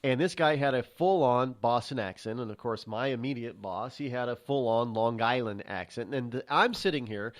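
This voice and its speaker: A man's voice: medium pitch, normal speed, few pauses. A man hosting a casual talk show, rambling with many restarts and fillers as he tells stories. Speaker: host. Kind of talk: casual chat.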